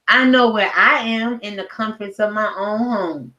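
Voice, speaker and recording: A woman's voice: medium pitch, moderate pace, hardly any pauses, sharp tone, highs cut off. A middle-aged woman ranting at home in a blunt, profane, heated commentary video. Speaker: commentary vlogger. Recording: roomy echo.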